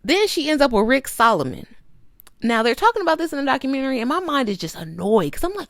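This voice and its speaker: Sassy, animated woman reviewing a documentary. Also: very high voice, a little fast, no echo, clean studio sound. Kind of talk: casual video commentary.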